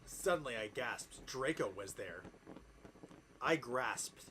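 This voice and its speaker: A man doing a comedic deadpan reading of fanfiction aloud, with laughing asides. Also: medium pitch, slow pace. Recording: noisy background ambience.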